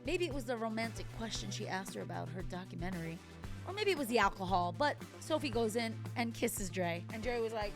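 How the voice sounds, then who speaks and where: A woman's voice: mid-range voice, big pitch swings, brisk, music in the background. A woman in her thirties casually recapping and reacting to a TV episode, chatty and wry, with playful asides. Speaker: TV recap vlogger.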